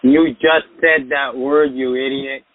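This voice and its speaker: A man's voice: medium pitch, fairly even intonation, takes it slowly, no echo. A male caller, sarcastic and needling, mocking the host. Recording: tinny phone line.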